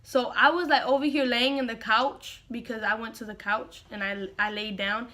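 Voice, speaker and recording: A young woman recounts a story to her followers in a casual vlog. Her voice sits high and sounds bright, and she talks in an animated way, dropping "bro" into her sentences. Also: normal speed. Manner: animated, slangy, says "bro" often. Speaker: vlogger.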